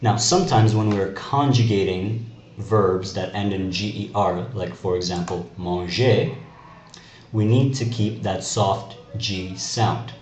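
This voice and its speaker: Slow-talking male French teacher. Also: lowish voice, a little mellow, highs cut off. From Canada. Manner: deliberate, explanatory, spells out letters. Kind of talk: classroom video lesson. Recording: echoey room with faint noise.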